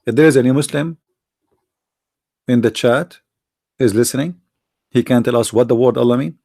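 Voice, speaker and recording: A Middle Eastern man with an Arabic accent hosts a live call-in debate stream, pressing callers with insistent, challenging questions. His mid-range voice is creaky and darkish at a moderate pace, recorded clean in a studio with no echo.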